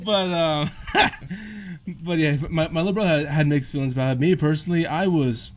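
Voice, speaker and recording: A young man in casual chat, telling an excited story. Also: fairly high pitch, moderate pace. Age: young adult. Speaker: panelist.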